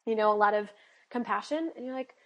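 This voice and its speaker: A woman health coach talking in a casual podcast conversation, earnest and animated, with many fillers, acting out little dialogues. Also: fairly high pitch, quick pace, muffled recording. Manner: acts out quoted dialogue.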